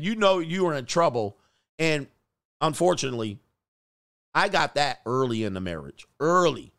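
Laughing, animated male livestream host. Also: a little high, a little slow, long pauses, dry recording, clean studio sound. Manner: laughs often, loose and animated, acts out quoted voices. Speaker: livestream host reading chat comments. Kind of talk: casual livestream chat.

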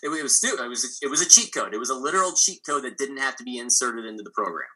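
A man's voice: medium pitch, animated, fast talker, sharp tone, husky, poor audio. A man co-hosting a podcast, jumping in emphatically during casual chat. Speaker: podcast co-host.

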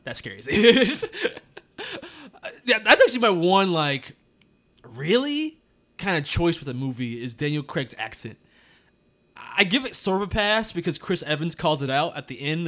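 A man's voice: fairly high pitch, sing-song, measured pace, long pauses, pushed and bright. A man hosting a podcast, chatting casually about a movie, laughing often and talking loosely. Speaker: podcast host. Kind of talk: casual movie review chat.

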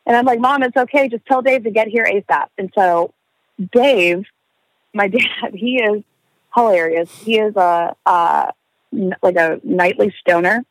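Young woman, casual storyteller, expressive, swears, dry sound. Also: mid-range voice, measured pace, dry recording, poor audio. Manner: animated storyteller, swearing, laughing, acting out quotes. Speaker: guest telling a story. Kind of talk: casual podcast chat.

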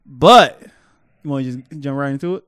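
A man's voice: medium pitch, normal speed, a bit bright, clean tone, no room sound, studio quality. A young man co-hosting a podcast in casual chat, playful and teasing, talking in loose restarts. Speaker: podcast co-host.

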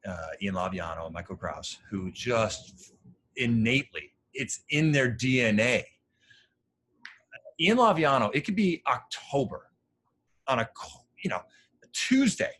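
A male lacrosse coach in casual conversation, telling animated, rambling stories full of fillers. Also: lowish voice, slightly rough.

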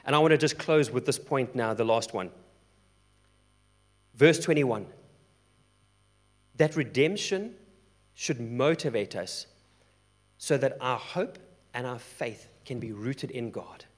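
A man's voice: medium pitch, lively intonation, slow pace, long pauses. A middle-aged man preaching a sermon who acts out the voices of the people in the story. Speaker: pastor.

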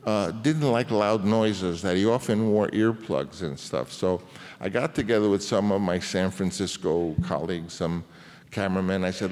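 A man in his seventies tells a long anecdote as a guest on stage, rambling and restarting as he goes. His voice sits fairly low and trails into the long reverb of a hall. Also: normal speed, darkish tone. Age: 70s. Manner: rambling, with many restarts and fillers. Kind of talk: anecdotal storytelling in a public conversation.

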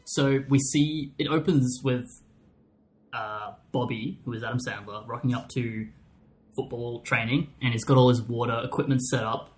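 A man's voice: mid-range voice, fairly even intonation, normal speed, faint music behind. A man hosting a casual film podcast, joking dryly and steering the talk. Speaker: podcast host. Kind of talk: casual chat.

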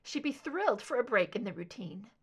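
A woman reading aloud voices an older mother who speaks softly and wistfully, tired of grief yet gently teasing her son. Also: on the high side, very animated, fairly quick, slightly rough, full character voice.

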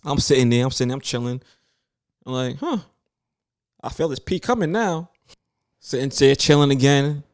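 A man in his thirties telling a story in casual chat, animated and swearing freely, acting out other people's lines. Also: medium pitch, moderate pace, long pauses. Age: 30s.

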